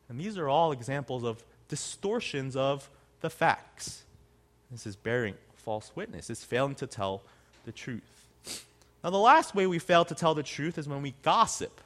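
A man's voice: a little high, fairly bright tone. A man preaching a sermon as pastor in a casual, conversational way. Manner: conversational, acts out quotes in other voices.

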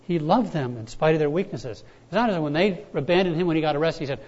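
Man, pastor, sermon, conversational storytelling, somewhat high voice, lo-fi dull recording. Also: lively intonation, fast talker, darkish tone. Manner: conversational, storytelling preacher with repetitions. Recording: dull, lo-fi sound.

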